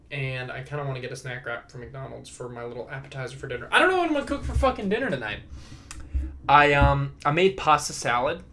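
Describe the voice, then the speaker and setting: A tired young man hosting a casual solo podcast, rambling and self-deprecating, drifting between topics and often trailing off into a low mumble. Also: bright, forceful tone, slight background noise. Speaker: podcast host.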